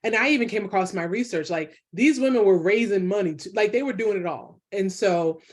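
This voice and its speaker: A woman historian speaking as an interview guest, earnest and quick to laugh. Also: mid-range voice. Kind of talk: conversational interview.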